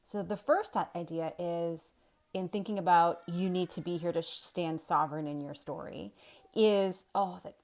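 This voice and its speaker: Woman, 30s, lower register, home webcam talk, reflective and rambling coaching tone. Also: fairly even intonation, moderate pace, darkish tone. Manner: thinking aloud, with restarts and rhetorical questions. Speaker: storytelling coach. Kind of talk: casual talk to camera. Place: home with kids in the next room.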